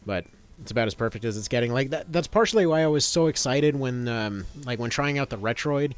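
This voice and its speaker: A man's voice: mid-range voice, a little fast, clear, resonant tone. A man in his thirties chatting casually as he streams a game, rambling with lots of fillers and restarts. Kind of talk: casual gameplay commentary.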